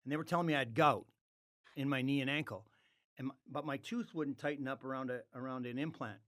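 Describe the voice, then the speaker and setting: A man at a middle pitch for his sex, spinning a long tale in a relaxed podcast chat. He swears freely and slips into the voices of the people in his story as he goes. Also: fast talker. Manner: animated, acts out quoted dialogue, swears freely. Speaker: podcast guest. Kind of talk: casual storytelling.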